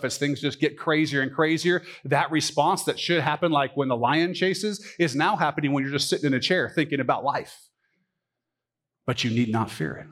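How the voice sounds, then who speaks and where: A man who is a pastor preaching a sermon in a church, swinging from emphatic high points to quiet asides. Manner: animated, rising to emphatic peaks and dropping to quiet asides. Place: church sanctuary.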